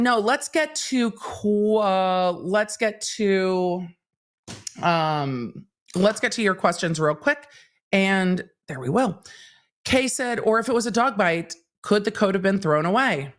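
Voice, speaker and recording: Chatty woman livestreaming legal commentary. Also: fairly low pitch. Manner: chatty, animated retelling with quoted voices.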